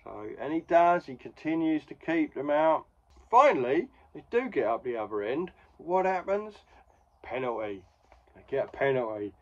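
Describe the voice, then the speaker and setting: A man's voice: fairly high pitch, big pitch swings, normal speed, muffled recording. A man in his forties casually retelling a comic strip with wry asides. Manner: wry, conversational, full of asides. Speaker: comics podcast host.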